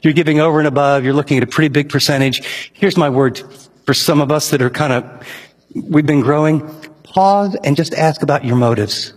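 A man's voice: fairly high pitch, fairly quick. A man preaching a sermon as a pastor, earnest and emphatic, building to urgent rising questions, in a church hall. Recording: echoey hall reverb.

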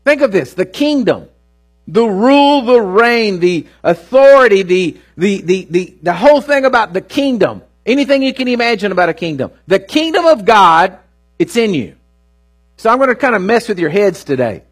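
A man's voice: sits high, big pitch swings, normal speed, breathy edge. A male pastor preaching a sermon to his congregation, with call-and-response asides and lots of repetition for emphasis. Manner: earnest, repeats words for emphasis. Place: church service.

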